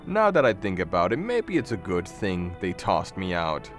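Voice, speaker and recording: A man's voice: low-pitched, wildly swooping pitch, moderate pace, faint music behind, pitched below the performer's own voice. A man voicing a tall, eerie male visitor creature in a game, polite and faintly menacing. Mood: wry. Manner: smooth, courteous, faintly menacing. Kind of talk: game dialogue read aloud.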